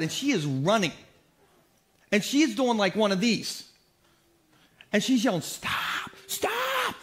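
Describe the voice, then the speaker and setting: High-voiced, joking pastor. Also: male voice. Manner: comedic storytelling, animated, self-deprecating. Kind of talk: sermon. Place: church.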